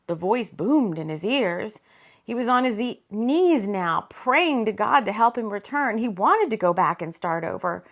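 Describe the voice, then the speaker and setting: A woman, the author, narrating her novel in an expressive, dramatic audiobook reading. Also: mid-range voice, a little slow.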